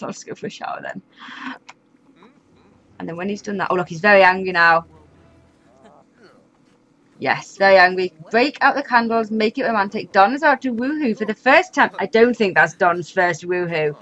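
A woman's voice: mid-range voice, a bit bright, lo-fi sound. A woman giving casual, chatty commentary over a life-sim game, often exasperated and laughing. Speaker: gaming YouTuber. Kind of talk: casual let's-play commentary.

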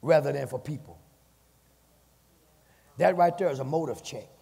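A male pastor preaching a sermon, swinging from low talk to fervent shouted passages, recorded in a church. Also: moderate pace, gravelly, slightly rough. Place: church sanctuary with long reverb. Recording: hall reverb.

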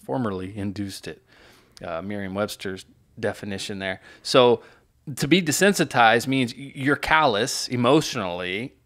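A man's voice: on the low side, normal speed, a bit bright. A middle-aged man, a pastor, casually reacting to a song, reading its lyrics aloud and explaining them with fillers and restarts.

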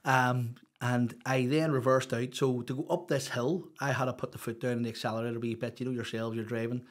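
Man, Northern Irish accent, podcast guest, rambling storytelling, middle pitch. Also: little pitch movement, brisk. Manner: rambling, peppered with "you know"; open, chatty storyteller. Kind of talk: casual storytelling interview.

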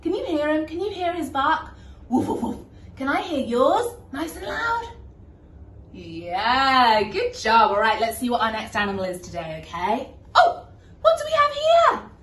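A woman's voice: high-pitched, wildly swooping pitch, unhurried, distant mic. A woman teaching music to young children, singing nursery songs in an encouraging, sing-song way. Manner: sing-song, encouraging, soft whispering at the end. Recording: echoey room, voice from the mic.

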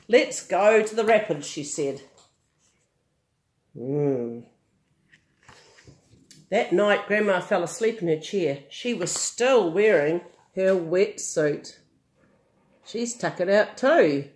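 Older woman reading a picture book aloud. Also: medium pitch. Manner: chatty asides, gentle and amused. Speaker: storyteller.

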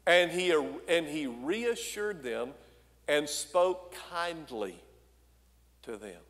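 A man's voice: a little high, animated, slow pace, fairly bright tone. Folksy preaching man in echoing church. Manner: folksy, conversational preaching with asides to the congregation. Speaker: senior pastor. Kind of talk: sermon. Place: church sanctuary.

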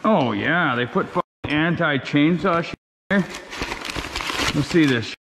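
A man's voice: fairly high pitch, animated, unhurried, fairly bright tone, in a large hall, slight background noise. A man hosting a casual unboxing vlog, talking in crude, rowdy, heavily profane banter. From Canada. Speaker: channel host.

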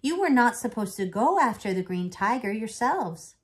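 A woman's voice: fairly high pitch, sing-song, moderate pace. A woman voicing a protective gray-haired grandfather in a storybook read-aloud. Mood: scolding.

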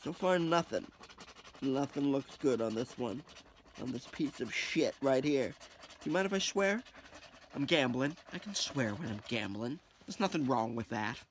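A man's voice: mid-range voice, animated, normal speed, a little hiss or hum. A man vlogging casually as he scratches lottery tickets, joking, mocking himself and swearing freely.

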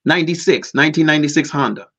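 A man's voice: fairly high pitch, animated, very fast, vocal fry, a bit bright, breathy edge, muffled recording. A man giving an earnest, emphatic conversational testimony.

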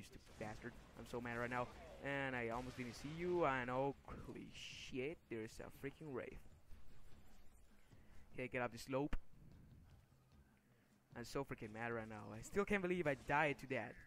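A man's voice: mid-range voice, measured pace, fairly bright tone, slight background noise. A young man commenting over his own gameplay, frustrated and swearing, with sudden angry outbursts between mumbled asides. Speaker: gaming video creator.

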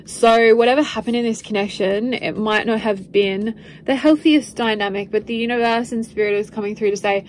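A woman's voice: on the high side, normal speed, a little mellow, slight background noise, poor audio. Earnest woman giving a tarot reading. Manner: meandering, repetitive, earnest, with light laughs. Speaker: tarot reader.

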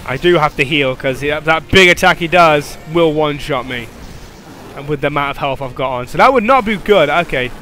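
A young man giving live gameplay commentary, rambling and joking at the monster, swinging from low mutters to panicked yelps and laughs. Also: fairly quick, slight background noise. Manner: excitable, yelping and laughing, swings from mutters to shrieks.

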